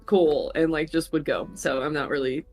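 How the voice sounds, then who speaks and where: A woman in a casual tabletop game session who laughs often and drifts off mid-sentence. She swears freely and keeps an easy, rambling tone. Faint music plays quietly behind her. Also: low-pitched, fairly quick. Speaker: player.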